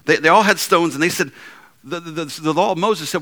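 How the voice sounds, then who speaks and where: Male preacher, somewhat high and bright, lively pitch, emphatic with soft drops, restarts a lot. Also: fast. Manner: animated preaching with frequent repeats and restarts; swings between loud emphatic lines and low soft ones. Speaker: pastor. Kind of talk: sermon.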